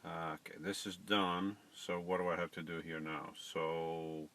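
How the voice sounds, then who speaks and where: A man's voice: deep voice, flat delivery, unhurried, bright, forceful tone. A middle-aged man hosting a casual live stream, chatting to viewers and fumbling with settings.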